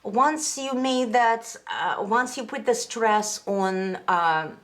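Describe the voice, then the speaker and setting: Slow-talking woman piano teacher. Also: on the high side, expressive. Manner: counts out rhythms in sung syllables, halting phrasing. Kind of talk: piano lesson. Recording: loud piano playing behind her.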